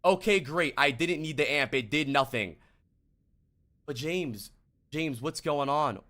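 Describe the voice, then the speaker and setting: A man's voice: fairly high pitch, a little slow, pushed and bright. A young man streaming as a game coach, talking casually in an exasperated, rambling way, with lots of swearing and restarts.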